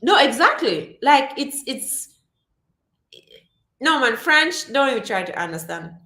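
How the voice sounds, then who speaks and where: A woman hosts a relaxed livestream, speaking slowly in a slightly high voice as she reads viewer comments and laughs often. Her voice carries the echo of a roomy space. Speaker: livestream host. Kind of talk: casual livestream chat. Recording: echoey room.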